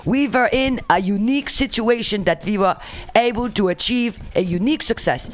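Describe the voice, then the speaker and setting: A woman's voice: medium pitch, moderate pace, no room sound, lightly acted. A woman reading the lines of a foreign male president from a call transcript in her own plain voice, with faint music behind. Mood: earnest. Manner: plain reading after giving up on an accent.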